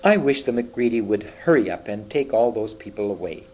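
A man voicing a practical young girl, sensible and brisk. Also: lowish voice, lively intonation, a little mellow, highs cut off, a little hiss or hum, natural voice. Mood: worried.

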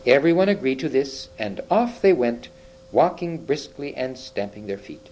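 A man narrating an audiobook in a measured, expressive storytelling manner. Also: medium pitch, slight background noise, rough recording.

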